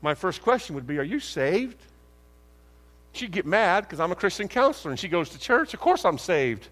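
A man preaching a sermon, telling stories and acting out conversations, asking rhetorical questions with lively emphasis. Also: high-pitched, moderate pace. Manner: animated, acts out dialogue, rhetorical questions. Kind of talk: sermon with storytelling. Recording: long hall reverb.

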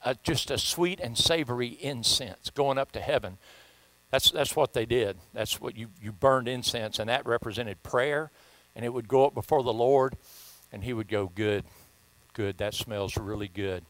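A man's voice: medium pitch, moderate pace, fairly bright tone, dry recording, low-quality recording. A man with a Southern US accent preaching a sermon as pastor, folksy and joking, often repeating himself.

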